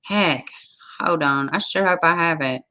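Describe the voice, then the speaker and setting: A woman hosting a livestream from home, reading news stories aloud and reacting in an exasperated, animated way while talking straight to her viewers. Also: sits low, a little slow. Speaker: livestream host. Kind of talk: casual news commentary to a live chat.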